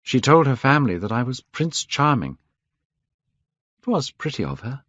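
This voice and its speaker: A man's voice: medium pitch, big pitch swings, normal speed, fairly bright tone, no room sound, voice pushed up. A man reading aloud, voicing a secretive, frightened young man who pleads in a raised, urgent voice. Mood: pleading. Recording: dull, dry lo-fi recording.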